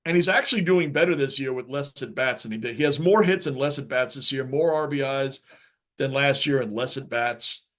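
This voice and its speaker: A man's voice: mid-range voice, fairly quick, a bit bright. A man hosting a live sports reaction stream from his basement, ranting casually and reading viewer chat aloud.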